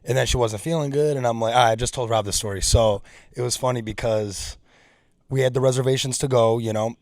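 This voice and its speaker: Fast-talking animated man, late twenties. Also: mid-range voice, no room sound, studio quality. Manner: animated storyteller, acts out quotes, swears a lot. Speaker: podcast co-host. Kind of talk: casual chat.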